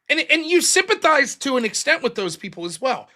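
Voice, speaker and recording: A man's voice: very high-pitched, very animated, a little fast, pushed and bright. A man in his forties hosting a call-in show, talking bluntly and profanely, acting out quotes as he argues. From United States. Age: 40s. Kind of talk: casual political monologue.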